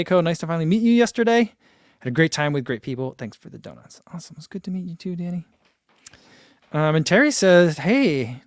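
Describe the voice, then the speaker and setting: A chatty man in his forties with a fairly high voice, talking casually on a live stream and laughing often as he reads out comments. The sound is dry and close, with no room echo. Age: 40s. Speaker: running channel host.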